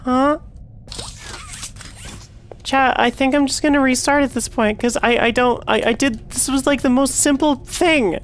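A chatty young woman VTuber streams a game with casual gameplay commentary, swearing and yelling when frustrated. Her voice is high-pitched and steady, unhurried, with long pauses.

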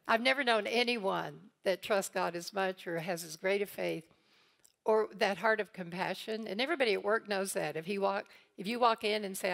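Her voice is mid-range and fairly bright, with vocal fry, at a moderate pace. This eastern Kentucky woman guest teaches a congregation, telling family stories and acting out quoted voices with laughter.

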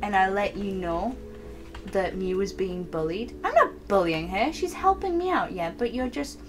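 A young woman voicing her lead character in an improvised game role-play, excitable and giggly, sliding into whiny squeals. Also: mid-range voice, normal speed, a little hiss or hum.

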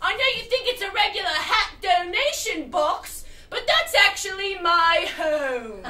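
Woman doing a weird earnest guy who lives in a hat box, loud and pushy, high voice, echoey distant stage. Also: big pitch swings, unhurried, full character voice. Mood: insistent. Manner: loud, insistent, eager. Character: young man raised in a hat donation box, earnest, odd. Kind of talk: live character comedy. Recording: roomy stage sound from far off, noisy.

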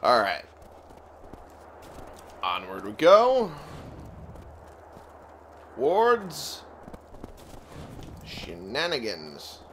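A man's voice: mid-range voice, huge pitch swings, drawn-out words, long pauses, a bit bright. A man giving casual, grumbling gameplay commentary, sleepy and yawning now and then, swearing at the game. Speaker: let's play gamer. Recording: clear background noise.

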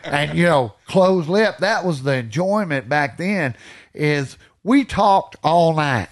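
A middle-aged man, a podcast guest telling stories in casual chat, energetic and swearing freely. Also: a little high, takes it slowly.

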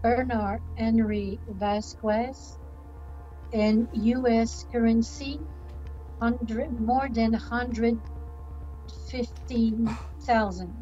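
An older woman recounting events in a slow, halting interview, stopping often to find her words. Her voice sits somewhat high, and the recording is dull, with soft music underneath. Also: fairly even intonation. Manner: hesitant, many "uh" pauses. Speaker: scam victim interviewee. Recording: dull documentary clip with music.

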